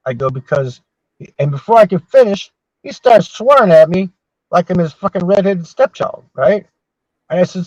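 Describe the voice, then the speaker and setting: Animated and speaking at a normal speed, this man has a fairly high, darkish-toned voice. He's a podcast host in his sixties, spinning long, profane, rambling stories in casual conversation, captured on a dull, dry recording with no echo.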